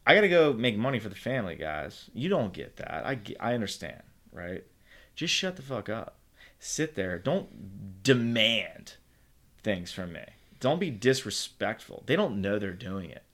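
A man's voice: on the low side, very animated, a little slow, a bit bright. A man chatting casually about fatherhood, blunt and swearing freely, who acts out his kids' whining. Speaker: podcast guest, father. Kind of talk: casual chat.

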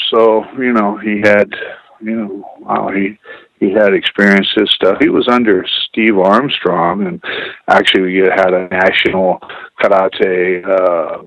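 A man's voice: fairly low pitch, a bit bright, no echo. A man telling personal stories in a rambling, profane, casual way, full of "you know"s. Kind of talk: casual storytelling. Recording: dull lo-fi radio sound.

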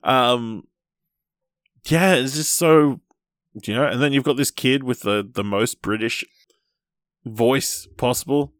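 A man hosting a film podcast, reading out trailer details and chatting in a steady way. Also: medium pitch, slow pace, long pauses, no room sound, clean studio sound. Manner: steady, reads listings, laughs easily. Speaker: podcast host.

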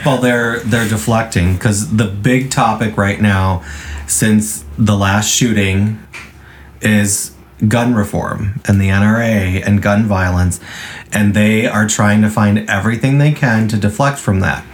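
A man's voice: lowish voice, fairly even intonation, measured pace. A man co-hosting a casual podcast, ranting with heavy profanity. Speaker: podcast co-host. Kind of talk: casual chat.

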